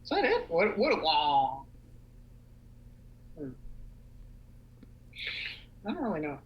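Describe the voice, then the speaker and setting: A young man co-hosting a casual livestream chat, animated and rambling with lots of fillers. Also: high-pitched, unhurried, highs cut off. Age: young adult. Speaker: podcast co-host.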